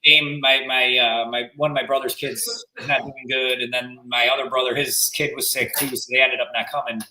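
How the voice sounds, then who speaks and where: Fast-talking man, lively storyteller. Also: mid-range voice, roomy sound, slight background noise, poor audio. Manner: animated storyteller acting out quotes. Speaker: real estate agent. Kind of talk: casual podcast chat.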